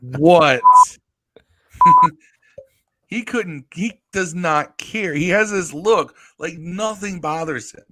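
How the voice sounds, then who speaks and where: Bright-voiced, animated man. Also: sits high, takes it slowly, long pauses. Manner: animated, storytelling, swears casually. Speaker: podcast co-host. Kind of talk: casual sports talk. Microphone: live stream podcast mic.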